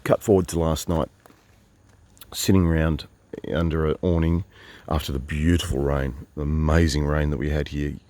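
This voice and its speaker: A wry Australian man with an extremely deep, low voice spins a rambling traveller's yarn. He talks in a casual, meandering way, full of asides and self-corrections. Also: fairly even intonation, normal speed, dark tone, no room sound. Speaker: travelling storyteller. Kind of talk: casual spoken monologue.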